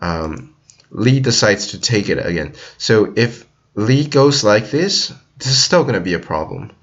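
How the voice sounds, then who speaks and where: Man, game analysis commentary, casual and rambling, somewhat low voice, muffled lo-fi audio. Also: big pitch swings, a little slow, a bit bright. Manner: chatty, many fillers and restarts, acts out players' thoughts.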